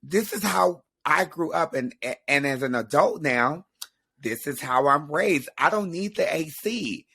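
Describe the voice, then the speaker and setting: A man, chatting as a guest and telling stories in an animated, teasing way. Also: fairly high pitch, unhurried, vocal fry, husky. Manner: animated, playful storyteller, teasing. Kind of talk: casual chat.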